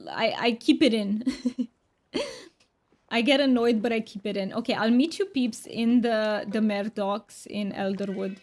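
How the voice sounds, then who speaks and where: A woman's voice: fairly high pitch, measured pace, a little mellow, lightly acted. Woman putting on a thick fake Romanian accent. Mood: playful. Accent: put-on thick Romanian accent. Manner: playful, thanks viewers often. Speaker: game streamer. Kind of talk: casual live-stream chat. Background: faint background music.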